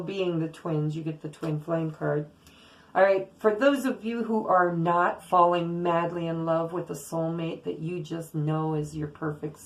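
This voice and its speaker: A woman reads tarot cards and talks her listeners through their signs in an earnest, blunt way, with a casual curse now and then. Her voice sits a little low and has a gravelly texture. She speaks slowly, taking her time. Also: poor audio. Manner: earnest, blunt, spiritual pep talk with casual swearing. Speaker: tarot reader. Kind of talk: casual tarot reading monologue.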